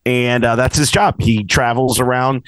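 A man's voice: mid-range voice, steady tone, normal speed, no room sound. A man from Massachusetts co-hosting a casual podcast chat, teasing and joking with his friend. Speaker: podcast co-host.

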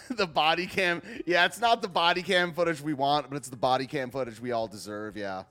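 A man's voice: fairly high pitch, fairly quick, pushed and bright, faint music behind. A man rambling through casual live commentary with many fillers and restarts. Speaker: political commentary streamer.

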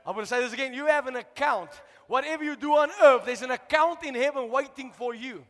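A man preaching a sermon as pastor, shouting out to the congregation and asking for responses. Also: very high-pitched, quick pace. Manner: preaching with rising shouts and call-outs to the congregation. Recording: long hall reverb.

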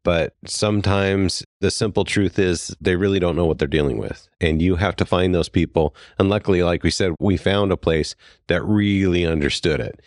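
A man's voice: low voice, normal speed, no room sound, clean studio sound. A man co-hosting a podcast in casual talk, speaking earnestly and getting worked up before apologizing for it. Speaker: podcast co-host.

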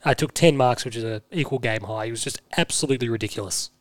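A man's voice: mid-range voice, fast, no echo. Sarcastic Australian man, dry close sound. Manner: teasing, sarcastic, rattles off stats. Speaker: podcast co-host. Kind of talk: casual sports chat.

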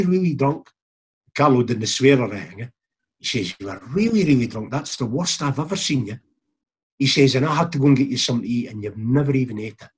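A man's voice: medium pitch, breathy edge. A middle-aged Scottish man, a former footballer, telling a rambling anecdote with chuckles, acting out what others said. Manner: rambling, chuckling, quotes others in reported speech. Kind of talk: casual anecdotal storytelling.

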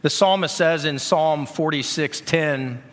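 A middle-aged male pastor preaching in a loose, conversational way, doubling back on his words. His voice sits a little high and sounds bright. The sound rings with the long reverb of a church hall. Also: unhurried. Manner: conversational, often repeating words. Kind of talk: sermon. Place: church sanctuary.

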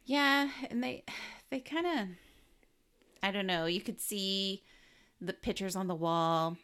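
A woman's voice: medium pitch, takes it slowly, fairly bright tone, smooth. A woman co-hosting a casual movie podcast, giggly and teasing her partner. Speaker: podcast co-host.

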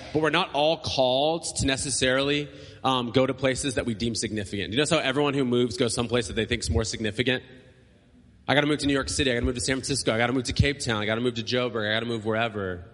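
A man's voice: medium pitch, fairly bright tone. A man preaching a sermon as pastor, talking in a conversational way with frequent fillers and restarts. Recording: long hall reverb.

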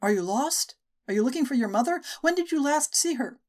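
A woman's voice: sits high, expressive, a little fast, darkish tone, voice pushed up. A woman voicing an injured young woman who begs her attackers for mercy, in an audiobook story. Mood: gentle. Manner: pleading, desperate. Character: beaten young woman begging for her life.

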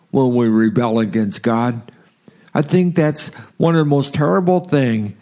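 A man from Southern California giving an earnest devotional sermon, slowing down to read scripture aloud. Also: a little high. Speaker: preacher.

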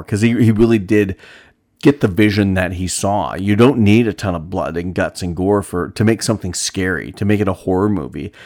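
A man casually reviewing a horror film, rambling through personal anecdotes with frequent restarts. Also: low-pitched. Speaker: movie reviewer.

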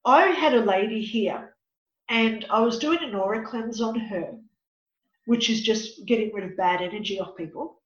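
Woman, higher voice, dramatic storyteller, echoey room, dull lo-fi sound. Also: moderate pace. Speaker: psychic medium and counsellor. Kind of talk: storytelling in an interview.

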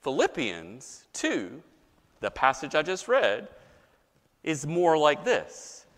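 A man preaching a sermon as a pastor, animated, mock-voicing objectors and swinging between loud and soft. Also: on the high side, slow pace, long reverb tail.

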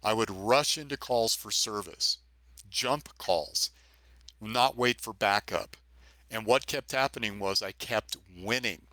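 Middle-aged man, retired police officer, earnest storyteller, lowish voice, bright forceful tone, dry close sound. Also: slow, no room sound. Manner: earnest, vivid storytelling with emphatic repetition. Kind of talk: personal story in a podcast interview.

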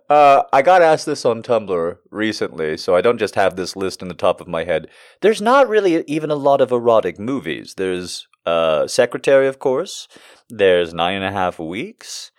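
Animated man on a comedy podcast. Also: lowish voice, a little slow. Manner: rambling, self-deprecating, crude jokes. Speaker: podcast host. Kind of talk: casual comedic monologue.

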